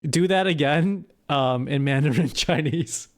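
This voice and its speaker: Hesitant man giving prompts on stream. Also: on the high side. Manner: hesitant, halting, full of fillers. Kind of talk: casual live-stream chat.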